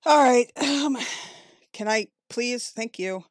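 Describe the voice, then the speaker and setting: A woman talking casually as a player in a tabletop game, slow and chatty and laughing often. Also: on the high side, no echo, studio quality. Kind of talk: casual chat.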